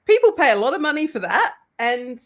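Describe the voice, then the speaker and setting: A woman's voice: high-pitched, big pitch swings, a little fast. A woman co-hosting a casual podcast chat, teasing and laughing often over a video call.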